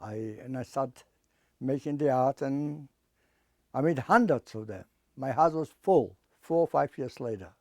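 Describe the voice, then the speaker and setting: Older man giving halting testimony. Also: mid-range voice, dry recording, studio quality. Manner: halting, repeats words, plain non-native English. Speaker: Holocaust survivor and artist. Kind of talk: personal testimony.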